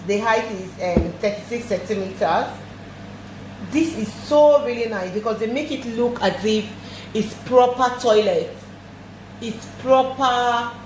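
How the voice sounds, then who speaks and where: A young woman in a casual home vlog unboxing a baby product. She talks chattily, repeats her phrases and gushes about how nice it is. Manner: turns high and sing-song when talking to her toddler. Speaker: vlogger reviewing a baby product. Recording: echoey room with background noise.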